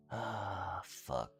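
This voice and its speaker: A male streamer ranting to his chat, angry and profane, swearing through his frustration. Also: on the low side. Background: faint music.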